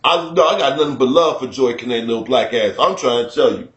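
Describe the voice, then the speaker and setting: A man from Chicago hosting a loose, profane radio rant, animated and quick to slip into mock voices. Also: mid-range voice, muffled recording. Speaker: radio show host. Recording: roomy studio echo.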